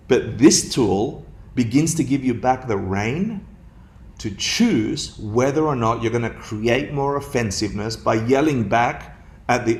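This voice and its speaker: A man from Argentina giving a dharma talk, telling a story in an animated, jokey way and laughing often. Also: mid-range voice. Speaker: dharma teacher.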